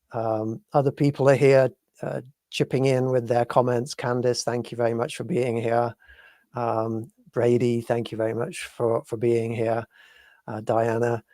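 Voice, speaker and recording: A man from the UK co-hosting a live paranormal talk show, speaking in a measured, hesitant way as he searches for words. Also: medium pitch, darkish tone, no room sound, clean studio sound. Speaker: podcast co-host.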